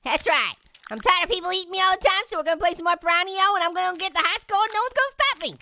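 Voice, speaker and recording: A man voicing a hyper, pun-loving talking orange, hosting gameplay commentary in a squeaky, sped-up high voice with constant giggly laughs. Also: expressive, very fast, pushed and bright, heavily acted. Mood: manic. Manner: manic punning, constant cackling laughs. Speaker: let's play host. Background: game music.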